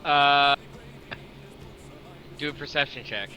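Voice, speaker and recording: A man with a fairly high voice runs a tabletop game as game master, narrating slowly. He's animated and laughs a lot.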